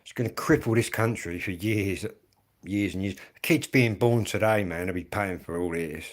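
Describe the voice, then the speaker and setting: A man's voice: low voice, normal speed. An English man in his fifties ranting bluntly and swearing a lot in a live stream monologue. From England. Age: 50s. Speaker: livestreamer.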